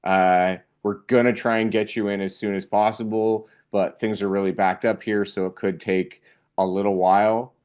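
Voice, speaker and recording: A young man telling a funny personal story in a casual, animated way, acting out the voices of the people in it. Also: fairly low pitch, moderate pace, clear, resonant tone. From Canada.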